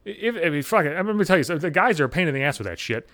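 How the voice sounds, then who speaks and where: A man rants through a comic story, swearing constantly, stumbling and repeating himself. His voice sits a bit high and swings up and down a lot. The recording is dry and close, with no room sound. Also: very fast, no room sound. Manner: rambling, profane, animated. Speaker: vlogger. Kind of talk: profane comic rant.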